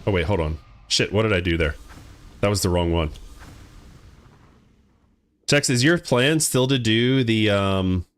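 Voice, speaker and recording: Male streamer, casual and excitable, low voice that swings widely, swears, laughs often. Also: unhurried, pauses often. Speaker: game streamer. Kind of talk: casual live-stream chat while playing.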